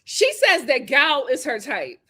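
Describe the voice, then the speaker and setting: A woman's voice: high-pitched, unhurried. A woman hosting a casual, sassy recap of a reality show, talking animatedly. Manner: animated, sassy, sings and riffs.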